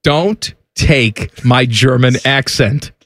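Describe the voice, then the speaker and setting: A man's voice: medium pitch, takes it slowly, a bit bright, dry recording, studio quality. A man hosting a sports radio show, teasing his co-host in a wry way. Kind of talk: casual banter.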